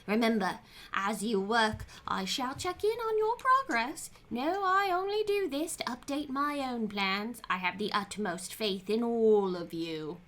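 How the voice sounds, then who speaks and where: A woman voicing a stately, old-fashioned guild master who addresses artisans in a slow, formal, commanding way. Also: fairly high pitch, sing-song, a bit bright.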